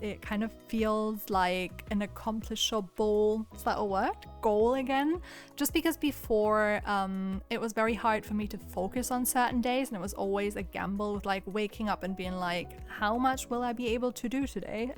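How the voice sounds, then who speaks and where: A young woman in her twenties recording a casual chatty voiceover from home, her voice weak and cracking, speaking in a subdued, rather monotonous way and laughing often. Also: mid-range voice, normal speed, faint music behind. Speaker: video creator.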